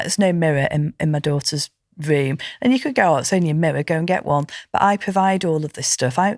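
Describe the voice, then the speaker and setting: A middle-aged woman, a landlord guest on an interview podcast, talking in an emphatic, animated and indignant way. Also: low-pitched, no room sound, clean studio sound. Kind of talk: conversational interview.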